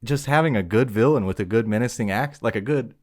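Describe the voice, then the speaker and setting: A man's voice: mid-range voice, fast, darkish tone. A young man co-hosting a podcast in laid-back, blunt casual banter. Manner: laid-back, blunt, says dog and bro. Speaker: podcast co-host.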